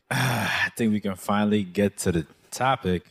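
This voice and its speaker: Laid back podcast host guy, deep voice, takes his time. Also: fairly bright tone, slightly rough. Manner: laid-back, unhurried questions. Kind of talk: casual podcast chat.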